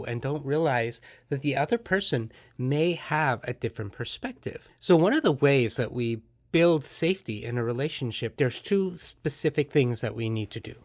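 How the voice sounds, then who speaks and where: A man hosting a podcast, explaining in an earnest, gentle way and acting out calm dialogue. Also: medium pitch, no echo, clean studio sound. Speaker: podcast host and therapist. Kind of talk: reflective podcast monologue.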